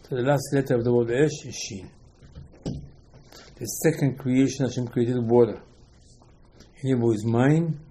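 A man's voice: medium pitch, unhurried, long pauses, dark tone, slight background noise, low-quality recording. Man giving a rambling religious talk. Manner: rambling, repeats words, asks and answers himself; non-native English grammar. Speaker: religious teacher. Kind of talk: informal religious lecture.

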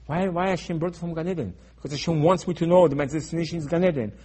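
Man, sermon, husky voice, fairly high pitch, emphatic, repetitive, acts out dialogue. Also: very fast. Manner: emphatic, repetitive, swings between soft asides and loud urgent stresses; acts out dialogue in his teaching. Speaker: Torah teacher.

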